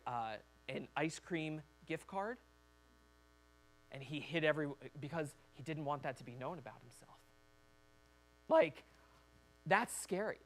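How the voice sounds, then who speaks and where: A man's voice: on the high side, a bit bright. A man preaching a sermon as a pastor in a church, talking conversationally and acting out quoted voices.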